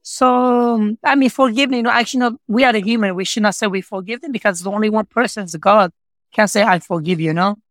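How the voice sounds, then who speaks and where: This interview guest, a man who owns a pizza shop, earnestly recounts his personal story in broken, non-native English, repeating himself often and leaning on "you know, like." His high-pitched, slightly bright voice moves fast, with no room sound, and his manner is heartfelt and repetitive.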